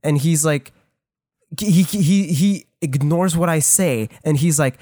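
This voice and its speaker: Excited, swearing man telling a story. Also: fairly high pitch, a little slow, dry recording, studio quality. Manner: heavy swearing, excited retelling, acts out quotes. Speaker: podcast co-host. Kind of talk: casual storytelling chat.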